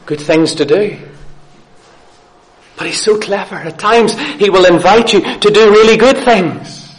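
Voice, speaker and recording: A man with a high voice preaches a sermon. He speaks earnestly, asks his listeners questions, and repeats key phrases for emphasis. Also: a little slow.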